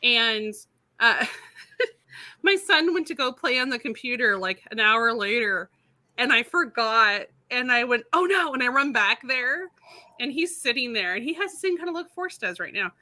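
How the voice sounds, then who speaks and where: A woman co-hosting a relaxed livestream chat. Her voice sits fairly high and sounds bright. She tells stories in a chatty way and laughs often, and she is still getting over being sick. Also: normal speed. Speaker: co-host.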